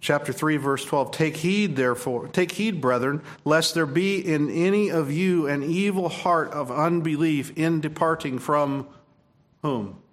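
A man's voice: fairly high pitch, unhurried. A man preaching a sermon, emphatic, repeating phrases and restarting his sentences. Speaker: pastor.

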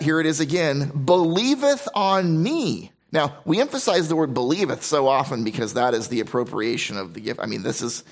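A man preaching a sermon, reading scripture aloud and explaining it with emphatic repetition and frequent restarts. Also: on the high side. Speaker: pastor.

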